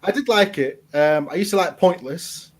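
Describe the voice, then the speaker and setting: Jokey man, slightly high voice. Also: moderate pace. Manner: jokey, laughs at his own puns, teasing. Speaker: advice show co-host. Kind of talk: casual live-stream banter. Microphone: webcam on a live stream.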